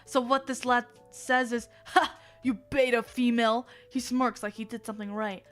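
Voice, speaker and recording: On a livestream, a young adult woman reads fan fiction aloud with theatrical energy. She often stops to laugh and toss in asides, and her voice is mid-range.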